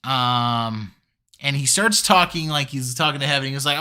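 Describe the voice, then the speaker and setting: A man's voice: medium pitch, expressive, moderate pace, sharp tone. A man giving a casual solo review of a wrestling show, chatty with lots of fillers and easy laughs.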